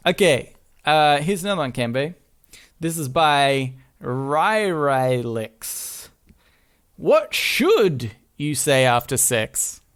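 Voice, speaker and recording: A man with an Australian accent chats on a podcast, his voice sitting a bit high and bouncing around a lot. He laughs easily and jokes his way through the talk. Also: very animated, a bit bright. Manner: giggly, quick to laugh, joking. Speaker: podcast co-host. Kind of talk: casual podcast chat. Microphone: remote recording.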